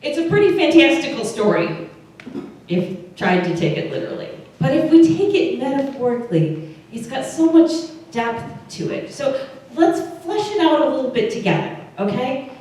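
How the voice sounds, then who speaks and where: This pastor's voice is high-pitched, warm and very animated, at a moderate pace. She speaks with an Upper Midwest American accent, keeps her sermon conversational and questions the congregation, sounding distant in a very echoey church room.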